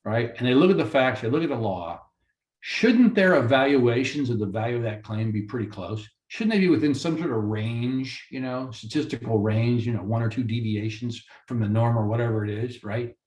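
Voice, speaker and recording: An animated man speaks as a mediator giving a lecture for course credit, ranting and peppering his talk with rhetorical questions. His voice sits at an ordinary pitch for a man. The recording has a roomy echo. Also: normal speed. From Florida. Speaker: mediator and lawyer.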